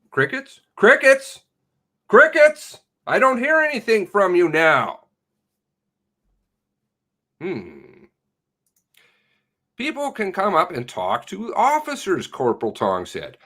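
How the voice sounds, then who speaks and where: An online commentator with a medium-pitched, slightly bright voice delivers sarcastic, ranting livestream commentary. He mocks the police by putting on silly voices.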